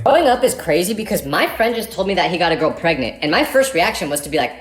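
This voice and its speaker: A young woman from California telling comedic stories to the camera in an animated, exasperated ranting manner. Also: lowish voice, quick pace. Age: young adult. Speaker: storyteller. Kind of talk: comedic storytime monologue. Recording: roomy with faint music.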